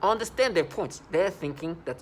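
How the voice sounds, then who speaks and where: High-pitched and expressive, a vlogger speaks a little fast in an agitated, rambling personal monologue full of restarts and self-corrections, with slight background noise.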